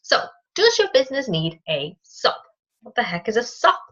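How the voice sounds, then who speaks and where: A woman in her thirties hosting a solo business podcast, talking straight to the listener in a chatty, lively way. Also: fairly high pitch, normal speed. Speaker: podcast host. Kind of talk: casual solo business talk. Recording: dull lo-fi recording.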